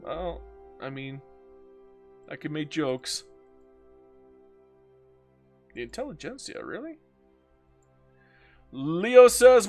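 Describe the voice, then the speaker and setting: A man's voice: fairly high pitch, sing-song, slow, long pauses, a little mellow, faint music behind. A man streaming a strategy game, chatting casually, joking and reading viewer comments aloud as he plays. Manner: joking, talks to himself and reads chat aloud.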